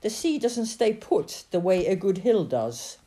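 A woman's voice: mid-range voice, big pitch swings, unhurried, dark tone. A woman voicing a cautious male farmer who disapproves of the sea. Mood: doubtful.

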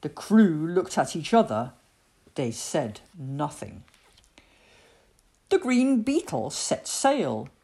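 A woman reading a children's storybook aloud in an expressive storytelling voice. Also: low voice, creaky. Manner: expressive, slow, lively storytelling.

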